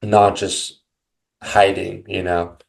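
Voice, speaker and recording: A young man appearing as a podcast guest, reflecting aloud with a very deep voice that has lots of gravelly fry. He speaks haltingly, restarting thoughts and softening them with casual fillers. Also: flat delivery. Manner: halting, full of restarts and hedges like kinda and you know.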